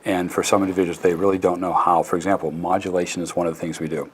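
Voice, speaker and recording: A man's voice: low voice, rapid-fire, a little hiss or hum. A man speaking as a guest expert in an interview, explaining ideas in a conversational way and acting out classroom exchanges as examples. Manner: animated storyteller, acts out classroom dialogue. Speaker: guest expert on self-regulation.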